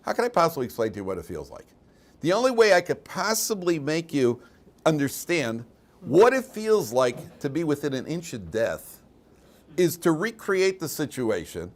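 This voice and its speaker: A man's voice: a little high, very animated, moderate pace. A man, a rabbi giving an informal Torah class, telling a story with jokey asides and frequent restarts.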